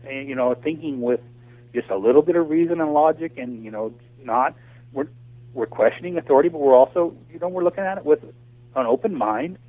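A man's voice: a little high, no room sound. An American man talking passionately in a casual call conversation, ranting with lots of restarts and fillers. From United States. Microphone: phone or voice call. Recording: tinny phone line, dry.

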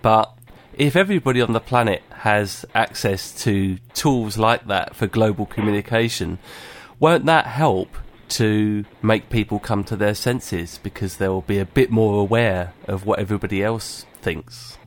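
A man's voice: lowish voice, unhurried, a little hiss or hum. A man hosting a casual conversation, asking thoughtful questions and reassuring his guest.

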